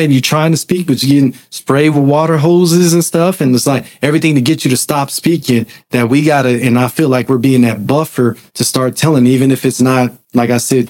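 A man co-hosting a casual group discussion, talking in an animated, emphatic, colloquial way. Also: medium pitch. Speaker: podcast co-host.

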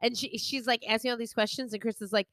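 A woman's voice: fairly high pitch, fast talker, no echo, studio quality. A woman podcast co-host telling a story in casual chat, acting out what people said, with a lot of "like". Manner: animated, acts out quotes with lots of "like".

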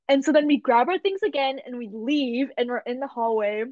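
A young woman hosting a podcast, telling a story in a casual, animated way with frequent laughs and filler words. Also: sits high, brisk, no echo. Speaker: podcast host. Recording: dull lo-fi dry recording.

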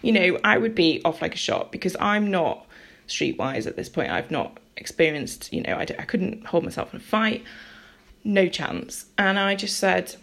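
Gravelly-voiced woman telling a story. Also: on the low side, moderate pace. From near Liverpool, England. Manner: rambling, animated, acts out dialogue. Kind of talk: casual personal storytelling.

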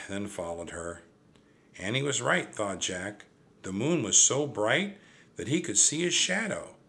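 An older man reading a children's chapter book aloud, with a gentle, reassuring manner. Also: lowish voice. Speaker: storybook reader. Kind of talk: children's story read-aloud.

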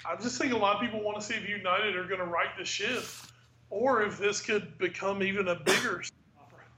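A man's voice: sits high, a little fast. A man co-hosting a sports podcast, giving hedged, thoughtful opinions in casual chat. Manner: thoughtful, hedging opinions with fillers. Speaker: podcast co-host. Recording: dull lo-fi mic with faint hiss.

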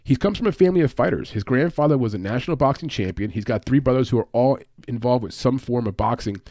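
A man talks quickly and casually as he breaks down fight picks, full of fillers and quick self-corrections. The sound is dry and close, with no room around him. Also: mid-range voice, darkish tone, no room sound. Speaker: MMA betting podcast host. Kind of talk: casual fight-pick analysis.

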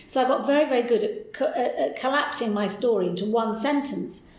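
A woman guest telling stories from her career in a lively, animated way. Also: on the high side, fairly quick, reverberant, poor audio. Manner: lively, animated storyteller, voices people in quotes. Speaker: podcast guest. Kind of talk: candid interview storytelling.

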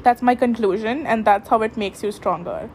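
A woman's voice: on the high side, moderate pace, darkish tone, a little hiss or hum. A young woman hosting a casual solo podcast from her bedroom, rambling with many fillers and frequent giggles. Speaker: podcast host.

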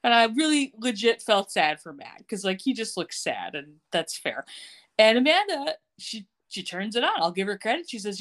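A woman's voice: mid-range voice, very animated, normal speed, fairly bright tone. A woman co-hosting a podcast, chattily recapping a TV episode and laughing often. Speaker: podcast co-host. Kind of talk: casual chat recapping a TV show.

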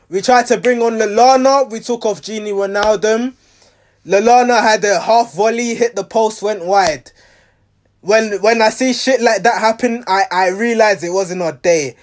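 A man giving a rambling, exasperated reaction to his team's match, restarting his sentences often. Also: high-pitched. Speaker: football fan reviewing a match.

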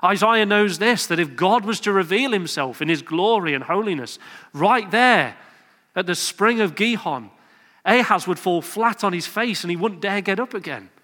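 A man preaching a sermon in a church, his voice bright and forceful and pitched a little high. He talks earnestly, leaning into emphatic rhetorical questions. A long reverb from the church hall trails each phrase. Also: animated, normal speed. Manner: earnest, rising to emphatic exhortation, acting out quoted voices.

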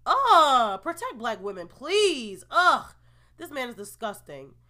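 A young woman hosting a casual solo podcast, opinionated and expressive, groaning in disgust and laughing in disbelief as she reacts to the news. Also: a little high, moderate pace. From New Jersey, USA. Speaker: podcast host.

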